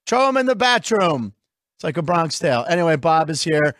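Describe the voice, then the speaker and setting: A middle-aged male host from Pittsburgh, his voice notably high, sing-song and a bit bright, rambles through a casual comedic chat full of jokes and quick asides. The recording is dry and close, with no room sound.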